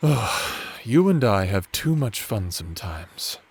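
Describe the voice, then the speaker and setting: A man voicing a teasing, affectionate necromancer husband in a whispered role-play, doting and laughing, speaking slowly and flirtatiously with a soft, breathy voice. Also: on the low side, big pitch swings, full character voice. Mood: playful fluster.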